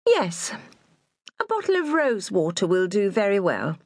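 A woman voicing a haughty, prying young lady customer in an audiobook, asking her questions in a high, drawn-out, disdainful way. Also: huge pitch swings, a little mellow, no echo, studio quality, heavily acted.

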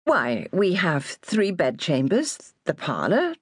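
A woman voicing a proud, quick-tempered young apothecary's daughter in an audiobook, polite but defensive. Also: fairly low pitch, huge pitch swings, husky, no echo, clean studio sound, full character voice.

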